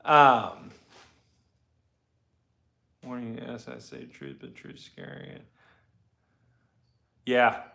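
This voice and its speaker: A laid-back man talks shop from his garage, answering viewer comments. His talk rambles loosely and he swears freely. The room is echoey, and his voice sits at a middle pitch. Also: very animated, extremely slow, creaky, pauses often, bright, forceful tone. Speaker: host and car builder.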